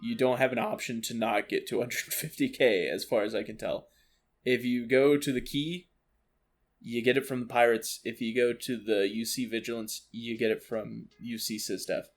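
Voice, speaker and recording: A man ranting about a video game, animated, exasperated and full of swearing. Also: medium pitch, normal speed. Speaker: streamer. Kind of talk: ranting gameplay commentary. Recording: faint lo-fi music underneath.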